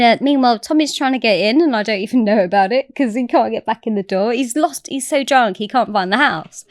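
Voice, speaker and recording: A woman's voice: a little high, dry recording, clean studio sound. A woman telling a story as a podcast guest, chatty and swearing freely. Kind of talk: casual storytelling.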